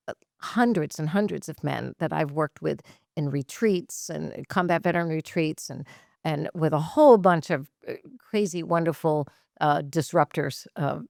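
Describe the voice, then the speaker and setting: A woman therapist from Massachusetts, a guest on a podcast, who talks in an animated, laughing way and tells stories with enthusiasm. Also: fairly low pitch, vocal fry, dry recording, clean studio sound. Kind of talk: casual podcast interview.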